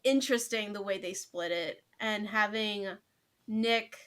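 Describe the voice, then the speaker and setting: A woman co-hosting a casual book club chat, speaking emphatically and excitably. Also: mid-range voice, measured pace. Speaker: podcast co-host.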